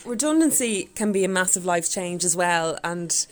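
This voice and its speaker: A woman's voice: lowish voice, animated, moderate pace. A woman radio presenter interviewing a guest in an encouraging, conversational way. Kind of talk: casual interview.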